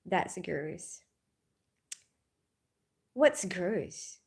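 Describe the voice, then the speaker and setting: A woman's voice: lowish voice, very animated, drawn-out words, darkish tone. Giggly woman chatting on a livestream. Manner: giggly, greets viewers by name, laughs often. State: just woke up after night shifts. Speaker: nurse livestreaming to viewers. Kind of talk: casual live-stream chat.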